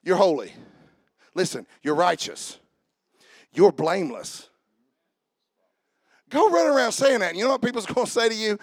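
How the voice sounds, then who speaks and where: High gravelly preacher, shouting. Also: male voice, expressive, normal speed, long pauses, dry recording, clean studio sound. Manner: swings from quiet asides to shouting. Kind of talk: sermon.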